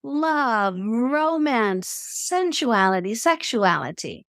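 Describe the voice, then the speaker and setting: Woman on a podcast, explaining stuff, really expressive, plays out little scenes, dry close sound. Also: fairly high pitch, takes it slowly, dry recording. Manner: expressive storyteller who acts out quotes. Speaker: podcast guest, eating expert. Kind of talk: conversational explanation.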